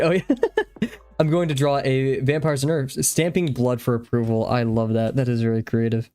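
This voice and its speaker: A man's voice: mid-range voice, brisk, mellow, clear, resonant tone. Breathless, rambling young man streaming. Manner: rambling, easily distracted. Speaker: drawing live-streamer. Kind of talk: casual live-stream chat.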